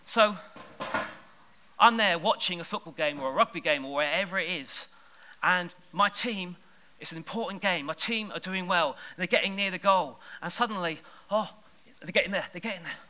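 Male preacher, high and piercingly bright, lively chatty sermon delivery with strong emphasis. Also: normal speed, slight background noise. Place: church service.

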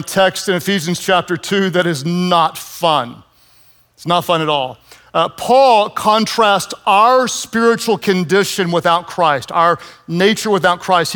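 A man in his fifties preaching a sermon, telling stories with lively, self-mocking humor. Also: high-pitched, smooth. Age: 50s. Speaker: pastor.

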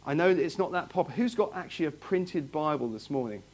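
A man's voice: on the high side, expressive, fast talker, darkish tone. A man preaching a sermon to his congregation, talking in a conversational way, asking them questions and often repeating himself. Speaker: pastor. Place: church hall, in front of a congregation.

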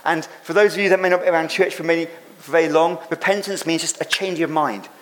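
A man's voice: a little high, fast talker, fairly bright tone. A man preaching a sermon as pastor, speaking emphatically, repeating phrases for effect and acting out quoted lines.

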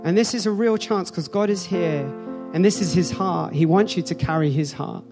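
A man's voice: high-pitched, moderate pace, music in the background. A man preaching a sermon in a church, earnest and building through repeated phrases. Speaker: pastor.

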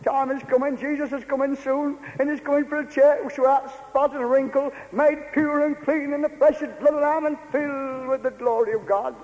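A man's voice: extremely high pitch, fairly even intonation, a little fast, few pauses, darkish tone. An older man preaching a fervent, repetitive revival sermon to a congregation in a meeting hall.

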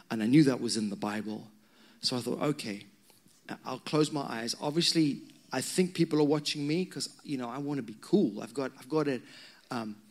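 A man preaching a sermon, telling personal stories with conversational asides to the congregation. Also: medium pitch. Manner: animated storytelling, conversational asides to the crowd. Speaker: pastor.

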